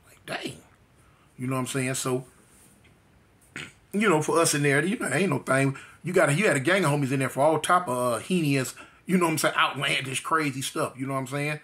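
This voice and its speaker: Middle aged socal guy, slangy storytelling, lots of "you know what i'm saying", bright tone. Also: a little high, a little fast. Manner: slangy street talk with frequent fillers. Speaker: storyteller sharing his life story. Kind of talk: casual storytelling.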